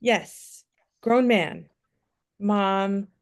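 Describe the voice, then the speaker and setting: A woman in her forties hosting a health interview, asking her guest questions. She talks slowly and without hurry, weighing her words. Her pitch sits in the middle of the range. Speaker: host, therapist. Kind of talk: interview conversation.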